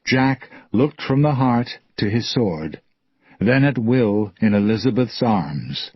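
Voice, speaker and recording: Man, slow deliberate story narration, husky, lowish voice, dull lo-fi sound. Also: lively intonation, dry recording. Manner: clear, deliberate.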